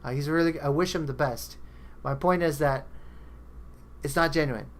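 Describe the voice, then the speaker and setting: A man's voice: a little high, moderate pace. Blunt chatty podcast host man. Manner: blunt, chatty, laughs easily. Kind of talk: casual chat.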